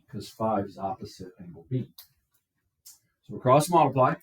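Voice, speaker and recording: A man's voice: mid-range voice, lively intonation, background noise. A man teaching a math class, explaining step by step and checking in with his students. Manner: slow, step-by-step, checks in with "okay?". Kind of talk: classroom lecture. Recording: echoey classroom from far off.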